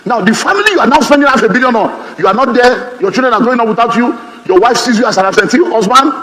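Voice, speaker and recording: A man with a Nigerian accent preaching a sermon as pastor, humorous and lively, mimicking other people's voices. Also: extremely high pitch, quick pace, hardly any pauses. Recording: reverberant hall, faint ambience.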